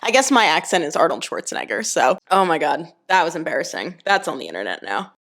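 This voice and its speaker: A woman's voice: sits low, sing-song, fast talker, fairly bright tone. A young woman, a personal trainer, chatting casually to camera and explaining her views with lots of "like" fillers.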